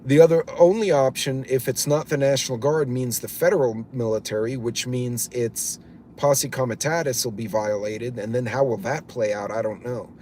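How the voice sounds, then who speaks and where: A man's voice: mid-range voice, fairly even intonation, normal speed, warm tone, a little hiss or hum. A man hosting a live stream, rambling bluntly in casual commentary, swearing offhand and greeting viewers by name as he goes. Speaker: livestream host reading chat.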